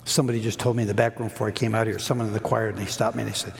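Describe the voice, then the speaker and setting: Gravelly middle-aged man preaching in a hall. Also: flat delivery, rapid-fire, slight background noise. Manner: earnest storytelling that rises high and falls to a hush. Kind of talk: sermon. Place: church hall. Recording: long hall reverb.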